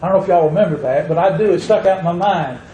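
Male preacher, measured and emphatic, faint room noise behind. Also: high voice, mellow, muffled recording. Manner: slow, emphatic preaching with drawn-out words and rising stresses. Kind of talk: sermon. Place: church sanctuary. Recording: echoey room with faint ambience.

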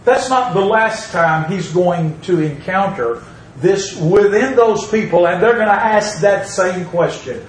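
A man's voice: sits high, lively intonation, unhurried, echoey room, distant mic, a little hiss or hum, low-quality recording. A man preaching a sermon, reading scripture aloud and driving points home by repeating them. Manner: emphatic, repeats phrases, reads scripture aloud.

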